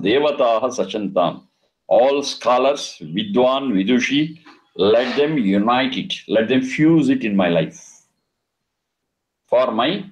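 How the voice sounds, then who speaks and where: A man teaching a scripture lesson. He explains Sanskrit words slowly and deliberately, and he repeats and chants the terms. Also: mid-range voice, low-quality recording. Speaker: Vedic teacher.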